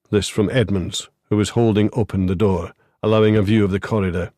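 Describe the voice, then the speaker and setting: Low-voiced male audiobook narrator. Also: steady tone, normal speed, a little mellow, dry recording, clean studio sound. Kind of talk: scripted narration.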